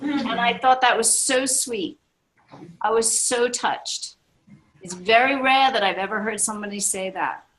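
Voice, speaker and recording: A woman in her sixties with a bright, ringing voice, pitched a little high for her age. She speaks to a seminar crowd with eager, emphatic energy and hammers her points home by repeating them. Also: unhurried, rough recording. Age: 60s. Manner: enthusiastic, emphatic, repeats key phrases. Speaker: network marketing leader. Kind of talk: motivational seminar talk. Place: seminar room with a live audience.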